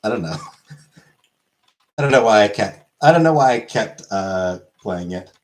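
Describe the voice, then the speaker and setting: A man's voice: lowish voice, animated, measured pace. A man chatting casually on a livestream, rambling and offhand, swearing now and then.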